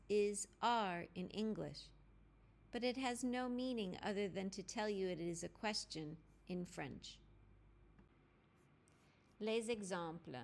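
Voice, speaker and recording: A woman teacher narrating a language lesson, clear and deliberate, spelling out grammar formulas step by step. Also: medium pitch. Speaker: French teacher. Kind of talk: slow instructional lesson narration.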